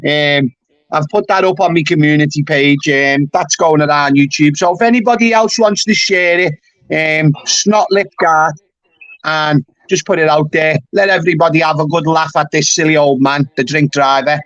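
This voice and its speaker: A man from England with a slightly high voice, recorded dry and close with no room sound. He talks bluntly and swears freely, tacking "mate" onto his sentences as he chats casually with a caller on his livestream. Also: fairly even intonation, moderate pace, a bit bright, no room sound, muffled recording. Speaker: YouTube livestream host. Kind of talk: casual call-in chat.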